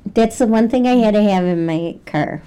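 A woman's voice: mid-range voice, moderate pace, dark tone, clear, resonant tone. A woman co-hosting a casual podcast chat, giving short, giggly replies. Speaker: podcast co-host.

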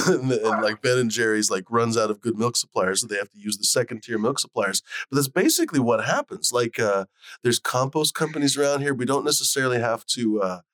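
A man's voice: medium pitch, animated, brisk, a bit bright, no echo. A man hosting a casual stoned chat show, rambling loosely and swearing often. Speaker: show host.

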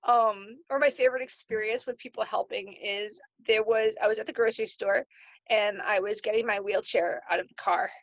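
A woman's voice: medium pitch, steady tone, normal speed, no room sound. Chatty woman, dull lo-fi sound. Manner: chatty, many fillers, laughs easily. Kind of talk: casual chat.

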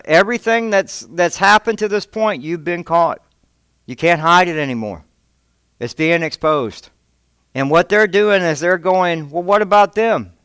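A man's voice: fairly bright tone, clean tone, no echo. A man preaching a sermon as a pastor, impassioned, often repeating words as he builds his points. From Texas, United States. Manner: impassioned, rising in pitch and force when quoting God; repeats words and restarts phrases. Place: church.

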